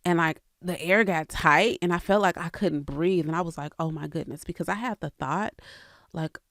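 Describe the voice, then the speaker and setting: A woman's voice: on the low side, normal speed, fairly bright tone, no room sound. A woman, speaking in a candid, faith-filled podcast monologue straight to her listeners. The sound is dry and close, with no room around it. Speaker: real estate coach and podcast host.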